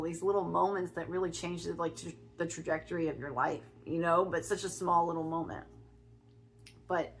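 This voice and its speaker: Middle-aged woman from ohio vlogging, lowish voice, chatty and halting, lots of restarts. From Ohio, USA. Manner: chatty, with many restarts and fillers. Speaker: spiritual vlogger. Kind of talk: casual personal storytelling.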